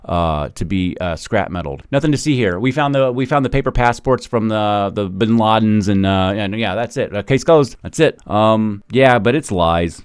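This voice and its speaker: A man's voice: lowish voice, expressive, moderate pace, few pauses, clean tone, no room sound, studio quality. A man in his forties ranting in casual commentary, heated and swearing, with many restarts and repeated words. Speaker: commentator reacting to a video. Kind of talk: casual rant.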